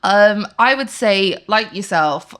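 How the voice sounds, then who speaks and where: A woman's voice: medium pitch, expressive, slow, a bit bright. Chatty Welsh woman telling stories. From Wales. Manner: chatty storyteller, laughs often. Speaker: podcast co-host. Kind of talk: casual chat.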